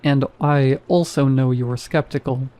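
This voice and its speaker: A man voicing an apathetic male night security guard who speaks in a flat, bored monotone. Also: mid-range voice, a little slow, close to an everyday voice. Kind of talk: horror story narration.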